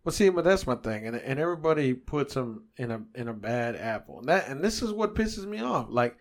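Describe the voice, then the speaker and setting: A man tells a story in loose, profane podcast chat. His voice sits at an ordinary middle pitch, and he gets animated as he rants and jokes. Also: a little fast, few pauses. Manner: animated storytelling, swears a lot.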